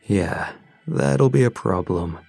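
A man's voice: lowish voice, animated, slow pace, creaky, darkish tone, no room sound, faint music behind, full character voice. A man voicing a greedy middle-aged landlord who talks down to people and cuts them off. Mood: smug. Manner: chipper, condescending, cuts people off.

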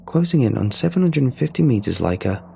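A man's voice: mid-range voice, very animated, fast, vocal fry, darkish tone, a little hiss or hum, pitched above the performer's own voice. A man voicing a playful, flirty woman on a mission team radio, speaking with a smile in her voice.

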